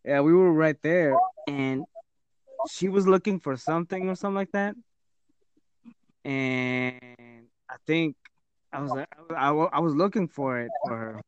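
A man's voice: a little high, a little slow, pauses often, clean tone, no room sound, dull audio. A young man co-hosting a podcast, telling stories in casual chat, swearing a lot and dropping in Spanish. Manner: profane, animated storytelling with mixed Spanish. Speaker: podcast co-host.

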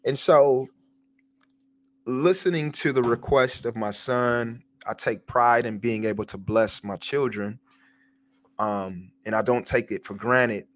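A man's voice: mid-range voice, fairly even intonation, takes it slowly. An earnest man hosts a devotional podcast and tells a personal story. He talks in a mid-range voice, stops often to restart and repeats words on his way to the point. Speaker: podcast host.

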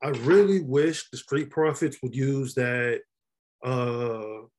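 A man's voice: medium pitch, takes it slowly, a little mellow. A man co-hosting a casual wrestling podcast, blunt and opinionated as he talks. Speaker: podcast co-host.

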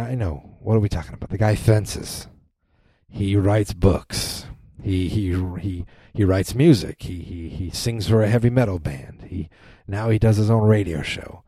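A man's voice: sits low, dark tone, husky, no echo. A man hosting a casual solo podcast, rambling with many restarts and fillers. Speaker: podcast host. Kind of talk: casual monologue.

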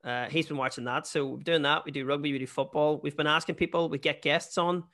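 A man's voice: fairly high pitch, steady tone, fast talker, fairly bright tone. Chatty Northern Irish man from Newry. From Northern Ireland. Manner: chatty, self-deprecating, lots of restarts. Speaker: stand-up comedian guest. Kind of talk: casual podcast chat.

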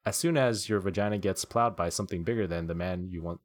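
Man, podcast co-host, lowish voice, casual, animated reading. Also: quick pace. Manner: reads quotes in an animated, laughing voice. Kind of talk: casual chat, reading posts aloud.

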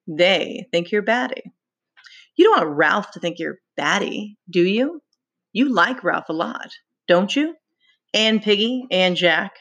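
A woman voicing a taunting, sinister male pig's-head beast in a dramatic read-aloud, slow and deliberate. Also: mid-range voice, animated, fairly bright tone, full character voice. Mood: taunting menace. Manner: mocking, menacing, slow and deliberate.

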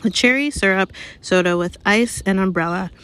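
A woman's voice: mid-range voice, normal speed, fairly bright tone, clean tone, lightly acted. A woman reading aloud, voicing a friendly, curious female pub landlady in a raised, gossipy voice. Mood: chatty, curious. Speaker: reader. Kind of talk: read-aloud audiobook.

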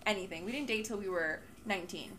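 A young woman co-hosting a podcast in casual chat, animated and laughing, slipping into playful quoted voices. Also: medium pitch, fast, a little hiss or hum. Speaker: podcast co-host.

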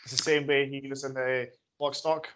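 A man's voice: mid-range voice, little pitch movement, moderate pace, a bit bright. A man co-hosting a film podcast, reading out his award picks in short, matter-of-fact bursts with filler ums. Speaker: podcast co-host. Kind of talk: casual film-review chat.

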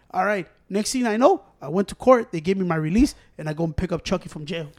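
A man telling a story in casual chat, profane and animated, with slangy asides. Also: sits high, quick pace.

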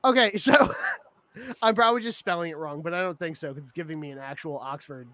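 A young man co-hosting a casual podcast, rambling and animated, often breaking into laughter. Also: a little high, fast. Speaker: podcast co-host. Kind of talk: casual chat about an anime.

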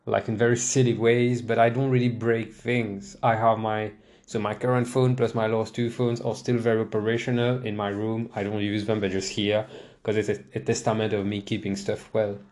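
Seated at home with a desk mic, a young podcast host rambles through a relaxed solo chat, mocking himself, restarting often and laughing. His voice is mid-range and a little mellow.

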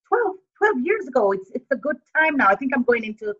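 A woman's voice: sits high, very animated, a little fast, fairly bright tone. A woman from Jamaica with a mixed Jamaican and American accent, a podcast guest speaking emphatically and repeating her key phrases. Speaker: interview guest, entrepreneur. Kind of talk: motivational interview talk. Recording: dull lo-fi audio.

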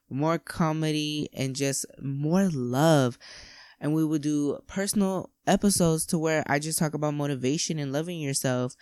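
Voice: mid-range voice, darkish tone, smooth, no echo, studio quality. A podcast host chatting casually and effusively to listeners, with lots of "like" as filler. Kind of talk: casual solo podcast chat.

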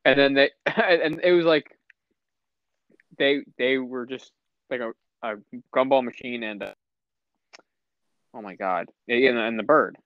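A man's voice: mid-range voice, a little slow, pauses often, no echo. A young man chatting casually as a podcast co-host, rambling and stammering, laughing often. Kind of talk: casual chat. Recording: slightly muffled lo-fi audio.

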